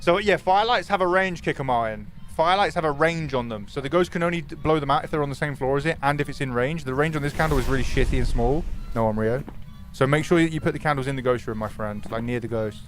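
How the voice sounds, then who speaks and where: A young man streaming a horror game, talking to his chat in an excitable, swearing manner. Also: a little high, fast, faint music behind. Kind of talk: live gaming stream commentary.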